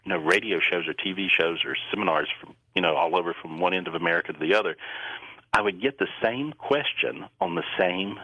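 A man's voice: deep voice, brisk, dry recording, highs cut off. A man speaking as a psychic guest on a radio interview, earnest and rambling, often repeating words as he talks.

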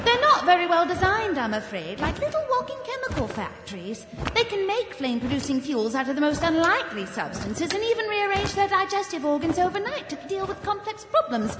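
A jolly posh dragon-breeding lady, voiced by a woman, very high and swooping all over the place. She sounds hearty and upper-class. Her voice rings with long reverb, and music plays underneath. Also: sing-song, a little fast, few pauses. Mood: excited.

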